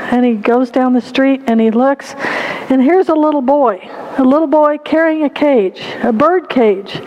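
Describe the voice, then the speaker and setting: A woman's voice: high-pitched, darkish tone, muffled recording. A woman giving a heartfelt testimony and sermon story, earnest and full of "you know".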